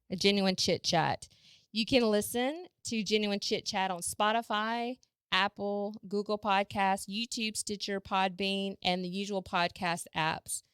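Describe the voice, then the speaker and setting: A woman's voice: medium pitch, a bit bright, clean tone, no room sound, clean studio sound. A woman with a Southern American accent, a podcast host reading an episode intro and spelling out web addresses. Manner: reads out links and spells web addresses slowly.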